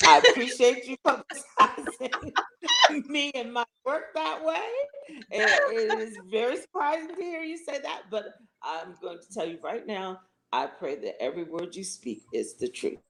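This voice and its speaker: A woman guest from Washington, D.C., talking in an interview. Her pitch moves a lot, and she sounds gracious and thankful, with laughter close at hand. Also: expressive, moderate pace, background noise. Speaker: interview guest, writer and producer. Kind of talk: interview conversation.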